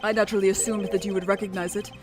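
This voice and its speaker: A woman reading the lines of a composed, formal male prosecutor in a video game, in a measured, confident way. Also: mid-range voice, little pitch movement, music in the background, natural voice.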